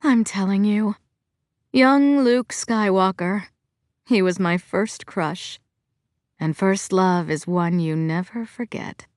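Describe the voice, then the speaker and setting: A woman reading an audiobook, voicing a worried middle-aged mother with a firm, sharp-edged way of talking. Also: medium pitch, slow pace, no room sound, studio quality, lightly acted. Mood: wistful. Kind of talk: audiobook character voice.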